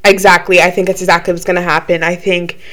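A woman's voice: lowish voice, little pitch movement, fast. A young woman co-hosting a podcast, chatting casually, swearing a lot and laughing often. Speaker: podcast co-host. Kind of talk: casual chat.

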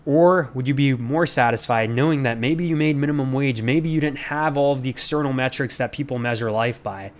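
An earnest man in the middle pitch range, reflecting aloud on his podcast. He rambles and restarts in a casual monologue that is full of fillers. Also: fairly quick, hardly any pauses. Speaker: podcast host.

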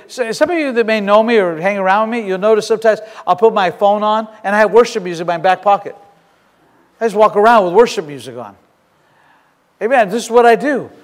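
A male pastor preaching a sermon in a church, fervent and emphatic, often repeating and restarting his phrases. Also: sits high. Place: church sanctuary. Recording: long reverb of a large hall.

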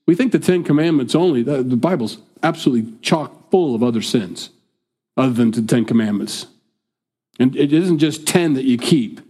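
A man from the United States preaches to his congregation in a talky, informal style. He breaks into quick impressions of imagined speakers and then returns to plain explanation. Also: mid-range voice, lively intonation, mellow, breathy edge. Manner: conversational, acts out quoted speakers. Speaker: pastor. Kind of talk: sermon.

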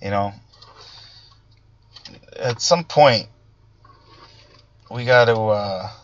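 A man hosting a casual political monologue, talking in halting bursts with many restarts and fillers. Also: fairly low pitch, muffled recording. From Italian-American background. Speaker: political commentary host.

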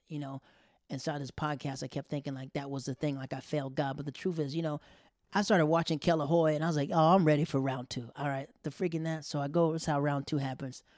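Animated man telling a story, dry close mic. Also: no echo. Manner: animated, acts out quotes with sudden loud high bursts; drops to a near whisper for embarrassed asides. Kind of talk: casual storytelling.

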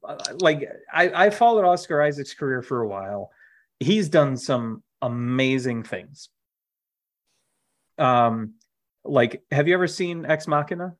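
A man's voice: fairly high pitch, expressive, a little slow. A man co-hosting a casual podcast, rambling with lots of fillers and restarts. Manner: acted on stage. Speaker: podcast co-host. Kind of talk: casual chat.

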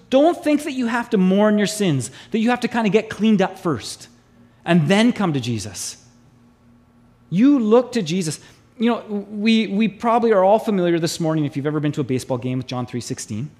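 Lively high-voiced male pastor preaching. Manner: animated preaching, acts out voices in quotes. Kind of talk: sermon.

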